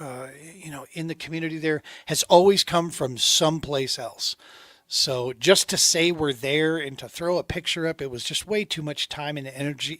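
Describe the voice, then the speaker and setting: A middle-aged man hosting a podcast, talking in a relaxed, rambling way and calling his guest "dude" and "man". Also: fairly high pitch, no room sound, clean studio sound. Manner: laid-back, rambling, says dude and man often. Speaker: podcast host. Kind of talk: casual interview chat.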